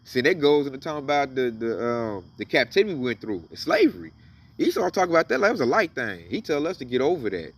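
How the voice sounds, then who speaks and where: A man's voice: mid-range voice, big pitch swings, fast, slightly rough, far from the mic. A man giving casual, emphatic commentary on scripture, reading verses aloud and then riffing on them. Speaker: religious commentator.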